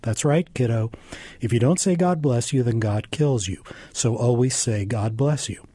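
A man's voice: medium pitch, moderate pace, warm tone, breathy edge, no echo, close to an everyday voice. Story dad, busy and distracted, tossing off answers, as a man reads it out. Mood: offhand.

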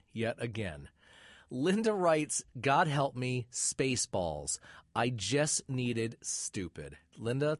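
A man's voice: mid-range voice, no echo, clean studio sound. A man hosting a podcast, reading out listener messages with wry asides, and sounding middle-aged. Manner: wry, lively asides between quick read-outs. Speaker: podcast host.

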